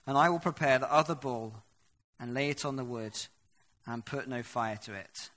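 A man preaching a sermon, reading scripture aloud and explaining it, swinging from hushed to loud. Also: mid-range voice, moderate pace.

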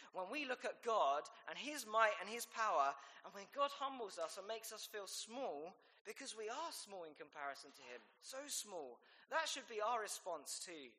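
A man preaching a sermon, with a somewhat high, bright, forceful voice. He talks in an animated way, building to loud, emphatic peaks as he reads and explains scripture. The sound carries a long reverb, as in a large hall.

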